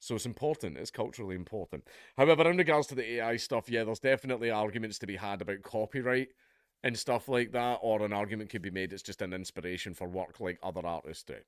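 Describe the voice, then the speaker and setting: A man's voice: lowish voice, fast talker, clean tone, dry recording, clean studio sound. A man with a Scottish accent, chatting casually as he reads out and comments on a news article, swearing and laughing now and then. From Scotland. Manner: chatty, swears, laughs at his own jokes. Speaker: YouTube commentator.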